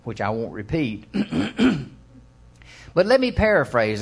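A man's voice: medium pitch, huge pitch swings, gravelly, husky. Older man preaching a conversational sermon. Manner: conversational, asks the audience questions, reads scripture aloud; acts out quick quoted voices for illustration.

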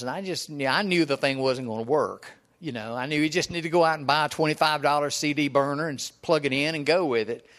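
Seventies-age preacher, folksy storyteller, chuckles easily, slightly higher-pitched male voice. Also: a bit bright. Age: 70s. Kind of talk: folksy sermon with personal stories.

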